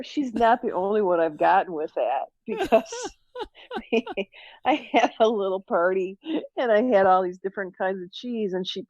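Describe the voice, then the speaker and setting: A woman's voice: medium pitch, no room sound, muffled recording. Giggly woman telling a story on a call. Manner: giggly storyteller, laughs through her stories. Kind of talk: casual chat on a livestream.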